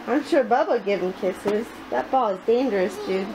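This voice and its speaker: High-voiced mom in noisy home video. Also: female voice, lively intonation, a little fast, few pauses. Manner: sing-song baby talk, frequent laughs. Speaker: vlogger and mother. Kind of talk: casual home vlog, talking to her baby. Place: home, indoors.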